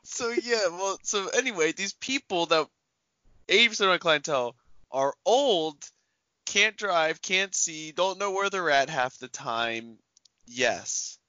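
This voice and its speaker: A man co-hosting a casual podcast, telling a joking, animated story about customers. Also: high-pitched, a little slow, no echo. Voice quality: animated, joking, swears lightly. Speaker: podcast co-host. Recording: dull lo-fi podcast audio.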